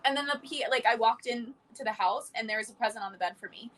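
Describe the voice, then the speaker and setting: Fast-talking woman from Florida. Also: fairly high pitch, fairly bright tone, rough recording. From Florida, USA. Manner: quick, chatty, quotes conversations. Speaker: guest. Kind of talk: casual storytelling.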